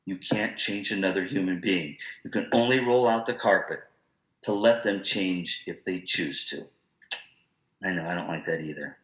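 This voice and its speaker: A man presenting an online professional-development talk to music teachers, in a lively, conversational, storytelling manner. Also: low-pitched, moderate pace, echoey room, low-quality recording.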